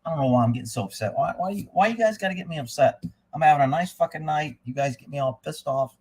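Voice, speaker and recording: A man hosting a live stream, ranting angrily with constant swearing, dropping to a mutter and then rising to shouts. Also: on the high side, fast, slightly rough.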